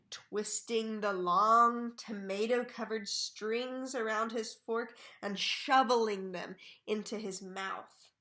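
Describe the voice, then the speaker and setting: A woman reading a children's book aloud for learners, carefully and clearly. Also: fairly high pitch, sharp tone.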